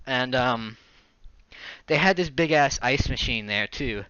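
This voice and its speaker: Young man, podcast host, animated storytelling, bright voice, swooping pitch, dull dry recording. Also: measured pace, smooth, no room sound. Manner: animated, laughs often while telling stories. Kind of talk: casual storytelling chat.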